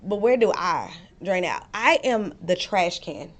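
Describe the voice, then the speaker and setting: Lively woman telling a story with laughs. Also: on the low side, unhurried. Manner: lively storyteller who laughs as she talks. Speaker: panel discussion guest. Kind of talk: casual chat.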